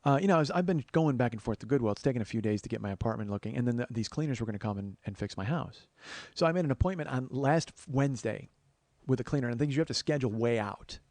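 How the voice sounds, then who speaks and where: A man's voice: medium pitch, expressive, quick pace, darkish tone, dry recording. A man in his forties hosting a podcast, telling a comic story in a rambling way, full of stammered restarts and the odd swear word. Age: 40s. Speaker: podcast host.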